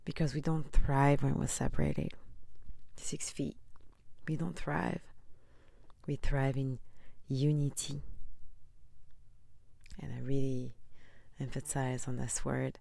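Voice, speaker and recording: A woman talking to camera in a casual motivational vlog, earnest and inspirational, sometimes dropping into soft whispers. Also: very deep voice, vocal fry, dry recording. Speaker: vlogger.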